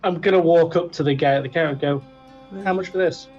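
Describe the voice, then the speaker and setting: A man playing a tabletop game and describing his actions in a dry, deliberate way. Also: on the high side, a little mellow. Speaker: player. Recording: dull call audio with faint music.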